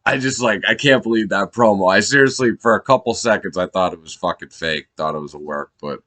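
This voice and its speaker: A man giving off-the-cuff excited commentary, rambling and swearing, laughing often and restarting his sentences while a little high. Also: a little fast, no room sound. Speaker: wrestling fan vlogger.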